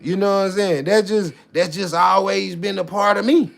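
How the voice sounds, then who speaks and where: A man giving a casual, preachy monologue, swinging between loud preaching and muttered asides, with repeated filler tags. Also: sits high, moderate pace, creaky. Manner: repeats filler tags like "you know what I'm saying". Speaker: vlogger.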